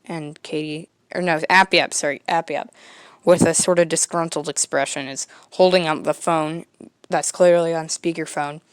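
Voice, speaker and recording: Woman reading out a comic on her podcast, chill with ums, smooth voice, dry close mic. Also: deep voice, fairly even intonation, moderate pace, no room sound. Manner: casual, with fillers. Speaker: podcast host.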